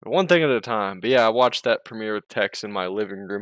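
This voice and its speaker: A man's voice: on the low side, animated, fast, dry recording. Rambling, scatterbrained male streamer. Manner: scattered, self-interrupting, swears a lot, laughs often. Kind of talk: casual rambling chat.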